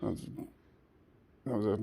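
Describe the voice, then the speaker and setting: A man investigating alone in an old church, speaking in an earnest, hushed voice and calling out questions to the spirits. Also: moderate pace, slight background noise. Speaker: paranormal investigator. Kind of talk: solo ghost-hunting vlog. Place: inside an old church at night.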